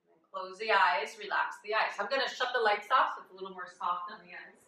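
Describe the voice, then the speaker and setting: Woman, yoga teacher, bright voice, gentle chatty instructions, echoey room, heard from a distance. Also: mid-range voice, a little fast. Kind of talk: guiding a chair yoga class. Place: yoga studio with a live class.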